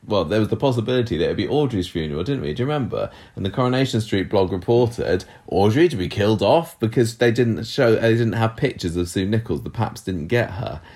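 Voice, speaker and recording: A man co-hosting a casual podcast, chatting and reading out listener messages with quick asides. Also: fairly low pitch, darkish tone. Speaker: podcast co-host.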